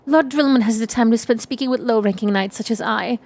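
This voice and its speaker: A woman reading aloud as a formal, low-ranking knight who speaks in stiff, old-fashioned phrases. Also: brisk, a little mellow. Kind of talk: reading game dialogue aloud.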